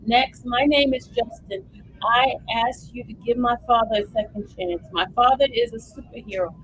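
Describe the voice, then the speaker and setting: A woman's voice: on the high side, moderate pace, a little hiss or hum, low-quality recording. A woman hosting a livestream, giving emotional live commentary and reading updates aloud to viewers. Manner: animated, emotional, addresses viewers as y'all. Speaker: livestream host.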